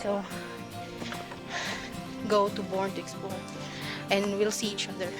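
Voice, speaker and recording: Narrating a hiking vlog on a mountain trail, this breathless Filipino woman switches casually between English and Tagalog. She speaks at a measured pace with a level tone and medium pitch, while loud music plays behind her voice.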